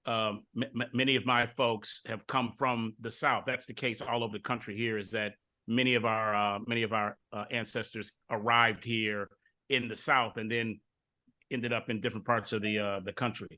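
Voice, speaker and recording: Middle-aged male host from Detroit, bright edge, loose chatty storyteller who restarts often. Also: lowish voice, normal speed. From Detroit, USA. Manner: repeats words and restarts often, relaxed storytelling. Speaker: podcast host. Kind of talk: casual interview chat.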